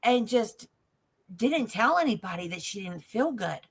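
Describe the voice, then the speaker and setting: A woman's voice: on the high side, unhurried, husky. A woman working as a ghost tour guide, telling a story on a talk show, acting out each person's lines and laughing often. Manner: lively storyteller who acts out every voice in the story; laughs often and jokes about herself. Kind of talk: animated anecdote on a talk show.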